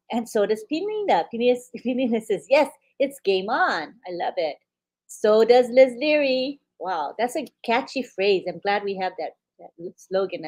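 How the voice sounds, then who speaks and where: Woman co-host, upbeat, reads viewer comments aloud one by one, mid pitch. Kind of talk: live webinar chat.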